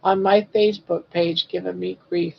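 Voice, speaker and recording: A woman's voice: on the low side, fairly even intonation, moderate pace, vocal fry, slightly rough, muffled recording. A woman in her sixties hosting a casual live stream, chatting and reading viewer comments aloud in a teasing, friendly way. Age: 60s. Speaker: live-stream crochet host.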